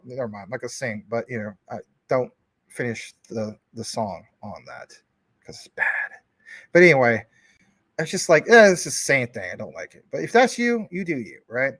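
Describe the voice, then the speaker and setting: A man's voice: mid-range voice, very animated, moderate pace, fairly bright tone, slightly rough, no echo, studio quality. A man hosting a live stream from his couch at home, chatting casually with viewers in a rambling, jokey way and teasing commenters. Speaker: livestream host.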